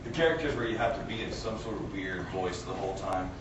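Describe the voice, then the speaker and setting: A man, a voice actor, chatting with fans on a convention panel, telling stories and breaking into loud screams and character voices. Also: deep voice, fast talker. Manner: animated, breaks into screams and voices mid-story. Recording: echoey hall, distant mic, loud crowd noise.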